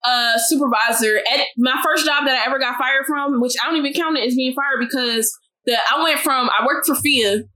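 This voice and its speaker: A young woman from West Africa, telling a story in blunt, profane, animated casual chat as a podcast co-host. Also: high voice, a little fast.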